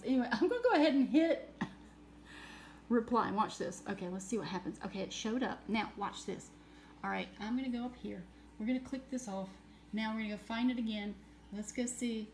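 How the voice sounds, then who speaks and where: A woman, vlogging in a rambling, excitable way and laughing often. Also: on the high side, a little hiss or hum. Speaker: spiritual vlogger. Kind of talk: rambling casual vlog.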